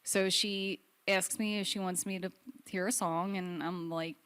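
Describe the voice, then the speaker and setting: A woman's voice: lowish voice, fairly even intonation, unhurried, a bit bright, clean tone. A young adult woman telling a personal story on stage at a live storytelling event, candid and wry, with self-deprecating humor.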